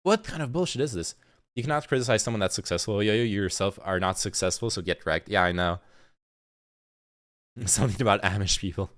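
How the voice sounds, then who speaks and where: A man's voice: on the low side, fairly quick, fairly bright tone. A man reacting on a livestream, talking casually and profanely with lots of stammered restarts, recorded on a phone. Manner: rambling, profane, stammering restarts, frequent laughs. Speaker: streamer. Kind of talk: casual reaction stream commentary.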